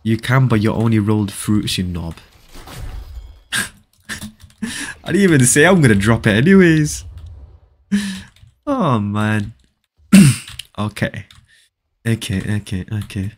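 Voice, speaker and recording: A man's voice: lowish voice, expressive, unhurried, pauses often, slight background noise. A young man, streaming a game live and reading viewer chat aloud, teasing and bantering with his audience. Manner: joking banter, teasing viewers, frequent laughs.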